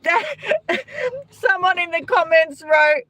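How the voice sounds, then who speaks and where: A woman's voice: very high voice, lively intonation, slow pace, sharp tone, dry recording. A woman with an Australian accent hosting a casual live-stream chat, gossiping and answering viewers' comments by name. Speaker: vlogger chatting with live viewers.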